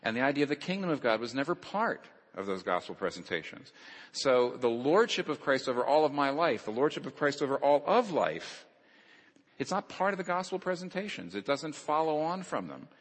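A man's voice: mid-range voice, big pitch swings, a little fast. A man giving a lecture-style sermon who stresses his points by repeating key phrases. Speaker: preacher. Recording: long reverb of a large hall.

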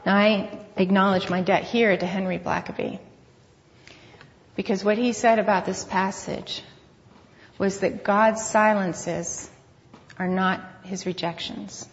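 Woman, Christian speaker, earnest and measured, long hall echo, muffled lo-fi recording. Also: medium pitch, steady tone, slight background noise. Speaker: conference speaker. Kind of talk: Christian talk with scripture reading. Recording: long hall reverb, dull lo-fi sound.

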